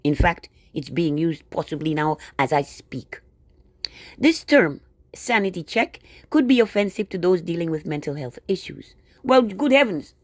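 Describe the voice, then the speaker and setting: A woman's voice: lowish voice, big pitch swings, moderate pace, no room sound. Woman ranting sarcastically to camera. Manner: sarcastic, indignant, talks to viewers directly. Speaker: video blogger. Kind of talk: casual ranting monologue.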